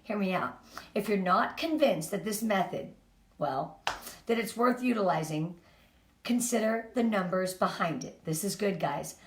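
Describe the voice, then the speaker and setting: A middle-aged woman giving an energetic, emphatic motivational talk to her sales team. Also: mid-range voice, measured pace. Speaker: team leader. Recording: echoey room.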